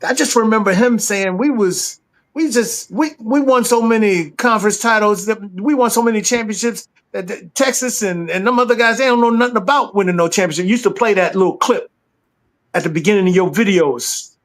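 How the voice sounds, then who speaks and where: High-voiced eager guest stammering. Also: male voice, fairly quick, fairly bright tone. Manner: enthusiastic, stammering repeats. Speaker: guest panelist. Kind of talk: casual panel chat.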